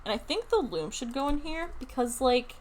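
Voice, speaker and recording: A young woman streaming a building game, chatting casually and thinking aloud in an excited, talkative way. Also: high-pitched, moderate pace. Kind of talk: casual live-stream chat while playing a building game.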